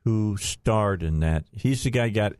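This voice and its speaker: A man's voice: on the low side, measured pace, a little mellow, no room sound. A man in casual radio banter, jovial and chatty, on a studio microphone. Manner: jovial, chatty, laughs easily.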